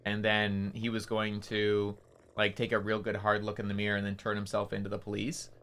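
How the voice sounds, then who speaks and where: Bright-voiced man rambling on stream. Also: fairly low pitch, completely flat delivery, fairly quick. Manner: rambling, profane, filler-heavy storytelling. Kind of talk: casual stream chat.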